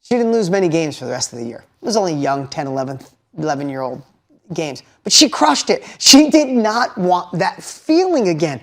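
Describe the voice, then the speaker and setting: A man's voice: a little high, very animated, normal speed, fairly bright tone. A middle-aged man giving a motivational talk to a live audience, emphatic, repeating key lines and putting questions to the listeners. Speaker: motivational speaker.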